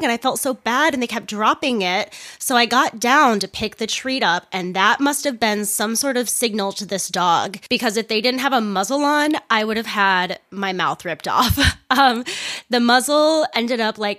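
A woman's voice: on the high side, fairly bright tone, no echo. Young woman, podcast host, casual chatty storytelling, swollen sore lip, dry close sound. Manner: chatty, swears freely, laughs while telling stories. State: sore swollen mouth, not using upper lip.

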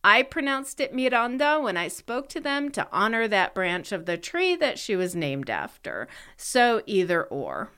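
A woman co-hosting a casual podcast chat and telling stories with lively energy. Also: medium pitch, measured pace, hardly any pauses, clean tone. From United States. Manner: lively storyteller. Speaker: podcast co-host.

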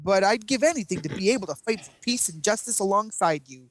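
A man's voice: sits high, expressive, fast, dry recording, pitched above the performer's own voice. A man voicing a timid teenage boy hero who stammers earnestly and humbly.

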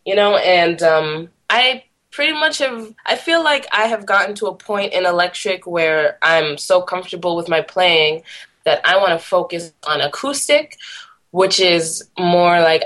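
Chatty young woman musician, lowish voice. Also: moderate pace, fairly bright tone. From Boston area. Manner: chatty, laughs often, lots of fillers. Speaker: musician guest. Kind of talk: casual interview chat.

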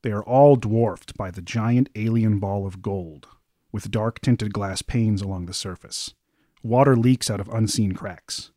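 A man running a tabletop fantasy game, his voice warm and mellow as he paints each scene in measured detail. The sound is close and dry, with no room around it. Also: on the low side, no echo. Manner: descriptive, measured narration. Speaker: game master.

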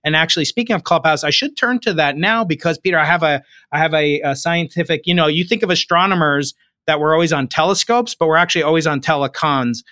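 Male interviewer, slightly high, bright tone, quippy and fast-moving, many false starts. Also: dry recording, studio quality. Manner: quick, jokey, with frequent restarts. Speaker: host and interviewer. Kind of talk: conversational video interview.

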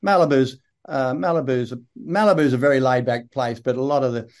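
An older man with a broad Australian accent, telling relaxed, rambling anecdotes with dry humour as an interview guest. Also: mid-range voice, brisk. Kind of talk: casual interview storytelling.

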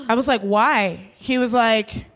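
High-voiced woman telling a wild story. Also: normal speed. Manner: animated, swearing, acting out quoted voices. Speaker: podcast co-host. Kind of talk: storytelling comedy chat.

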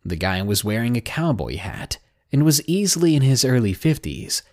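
A man's voice: mid-range voice, big pitch swings, normal speed, darkish tone. A man narrating a listener's scary story in a dramatic scripted style with dry sarcastic asides. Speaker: podcast narrator. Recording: narration with faint music bed.

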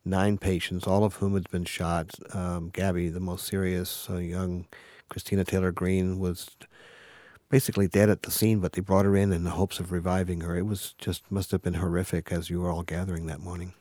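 Very deep, flat-voiced older man. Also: normal speed, dry recording, studio quality. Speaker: interviewee. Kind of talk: conversational recollection.

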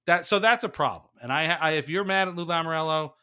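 A man's voice: a little high, fast, clean tone. A man hosting a casual sports podcast, ranting with frequent laughs. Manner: animated, ranting, laughs often. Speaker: podcast host.

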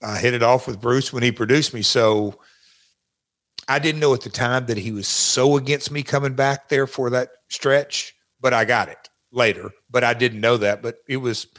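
A man's voice: mid-range voice, normal speed, a bit bright. A man speaking as an interview guest, talking casually and rambling with many restarts. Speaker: guest recalling his wrestling career.

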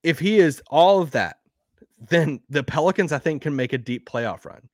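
A man with a Southern accent hosting a sports podcast, rambling and animated, laughing now and then. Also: fairly high pitch, normal speed, no echo, clean studio sound. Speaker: podcast host. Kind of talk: casual sports talk.

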